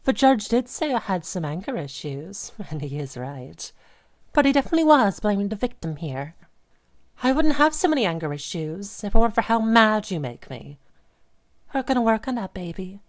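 An unstable, possessive young woman, played by an actress in an audio role-play, whose voice lurches from soft cooing to sharp anger in an instant. Her pitch sits in an ordinary middle range, and her quieter asides turn breathy and hushed. She talks straight at the listener as if they were pinned in front of her. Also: very animated, normal speed. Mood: tender menace. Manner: swings between sweet cooing and sudden rage. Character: volatile, obsessive young woman who holds her partner captive.

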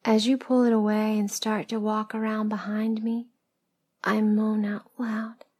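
A woman narrating a first-person story as a whispered role-play, in a slow, hushed storytelling manner. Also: mid-range voice, flat delivery, slightly rough. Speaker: erotic audio narrator.

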